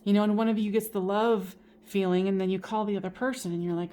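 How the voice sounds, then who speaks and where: A woman giving a general tarot reading in a casual, expressive way, swearing now and then and laughing at herself. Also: mid-range voice, quick pace. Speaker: tarot reader.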